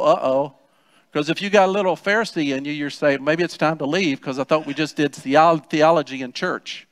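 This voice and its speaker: High-voiced pastor preaching in a hall. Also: male voice, a bit bright. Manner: conversational preaching with acted quotes and rhetorical questions. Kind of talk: sermon. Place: church sanctuary.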